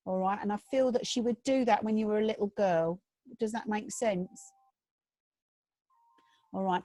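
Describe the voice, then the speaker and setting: A woman's voice: medium pitch, normal speed, pauses often, dark tone, dry recording, poor audio. Chatty woman medium, dry close sound. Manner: chatty, reassuring, relays messages. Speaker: spiritualist medium. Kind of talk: mediumship demonstration over video call. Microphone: video call.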